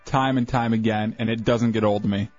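A man co-hosting a radio show who defends his favorite music with eager enthusiasm. His voice is mid-pitched and dry, with no room sound. The recording is dull and lo-fi, with faint music underneath. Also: fairly even intonation, brisk, a little mellow, no room sound. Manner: enthusiastic, argumentative about music. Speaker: radio co-host. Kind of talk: casual radio banter.

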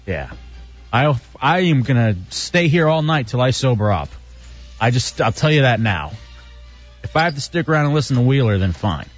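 A man's voice: medium pitch, sing-song, normal speed, faint music behind. A man hosting a rowdy radio talk show, joking and teasing his co-host and staff. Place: radio studio. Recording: dull lo-fi radio broadcast.

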